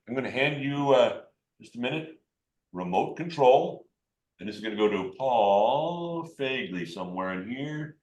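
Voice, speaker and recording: A man's voice: lowish voice, fairly bright tone. A man, a geologist, giving a joking, informal live demonstration of an electron microscope over a video call and chatting with a child. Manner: playful, joking, talks to a child.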